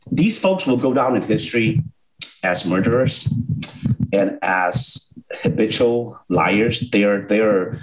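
A man hosts a talk show and delivers heated political commentary. His pitch swings widely, jumping up and dropping low as he presses each point. He gets worked up and stumbles over repeated words. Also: rough recording.

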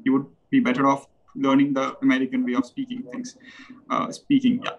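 A man's voice: mid-range voice, level tone, brisk, vocal fry, slightly rough, lo-fi sound. A man with an Indian English accent, a guest in a casual conversation, explaining things carefully step by step and often restarting his sentences.

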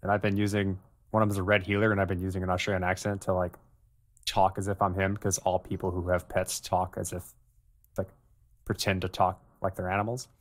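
A man hosting a podcast, talking in a relaxed, rambling way in casual chat. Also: sits low, a little fast. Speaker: podcast host.

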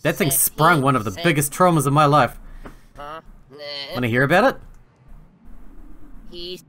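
A man's voice: a little high, measured pace, fairly bright tone. A man reading out a sulky young toothless ex-assistant. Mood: sulky, gossipy. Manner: whiny, self-pitying, rambling. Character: sulky young male ex-assistant with bad teeth. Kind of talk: reading game dialogue aloud.

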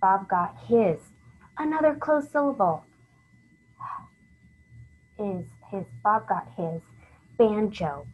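A woman teacher walking young writers slowly through a literacy lesson, step by step, sometimes whispering the example sentences. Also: medium pitch, dull audio, a little hiss or hum.

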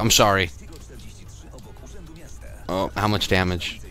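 A man's voice: low-pitched, moderate pace, long pauses, faint music behind. A man giving casual let's play commentary while driving in a game, swearing a lot and flaring up easily. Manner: swears a lot, frustrated and excitable. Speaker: gamer.

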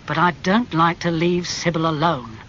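A man's voice: a little high, normal speed, a bit bright, close to an everyday voice. Man doing a grim, threatening young brother. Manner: hard, threatening delivery. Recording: slightly muffled with faint hum.

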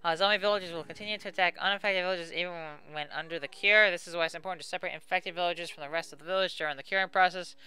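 Bright, crisp-voiced man gaming. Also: sits high, steady tone, very fast, hardly any pauses, faint music behind. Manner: chatty and self-mocking, talks to viewers. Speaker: let's play host. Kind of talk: casual let's play commentary.

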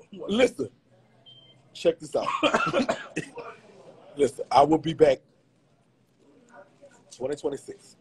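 A man's voice: on the high side, sing-song, takes it slowly, pauses often, rough recording. A man chatting casually with viewers on a live stream, slangy and laughing often. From Louisiana.

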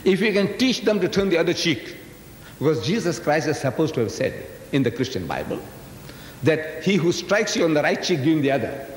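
Animated older man lecturing in echoey hall. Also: on the high side, a little fast, slight background noise. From South Africa, of Indian descent. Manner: folksy, teasing, talks directly to the audience with rhetorical questions. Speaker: Islamic lecturer. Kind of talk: public lecture to a live audience. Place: large lecture hall with audience. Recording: echoey hall, 1980s live recording.

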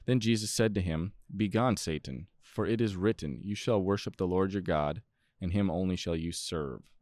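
A man with a very low voice reads scripture aloud in a steady, plain way, tripping now and then over a word. He is on a close podcast mic in a dry room. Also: normal speed, no echo. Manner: steady, plain reading with small stumbles. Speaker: podcast co-host.

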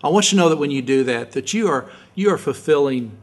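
A male pastor preaching a sermon in an earnest way, often repeating words as he restarts and sometimes dropping to a soft hush. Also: a little high, animated, quick pace, breathy edge. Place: church sanctuary.

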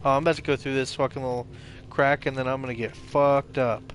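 A man's voice: medium pitch, steady tone, fast, a little hiss or hum. Profane young man reacting to a game. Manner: profane, jumpy reactions, talks to himself. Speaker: gamer streaming a horror game. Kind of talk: casual let's-play commentary.

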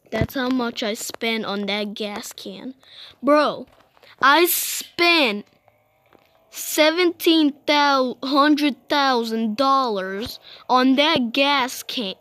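A woman's voice: fairly high pitch, a bit bright. A woman giving casual, rambling gameplay commentary, exclaiming often and restarting her sentences. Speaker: gamer.

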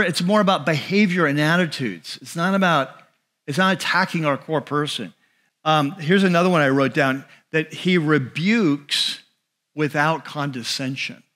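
A male pastor giving a sermon in a conversational way, slowing and dropping his voice on key phrases. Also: fairly high pitch, bright, forceful tone. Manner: conversational preaching with restarts and asides.

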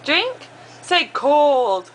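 A mother at home coaxing her babies to repeat words in slow, exaggerated sing-song baby talk. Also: high voice, very animated, noisy background. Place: home, at bedtime.

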